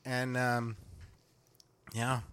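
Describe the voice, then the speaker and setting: Animated young man with a bright voice. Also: mid-range voice, drawn-out words, smooth. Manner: animated, laughs often, heavy swearing. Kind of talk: casual storytelling chat.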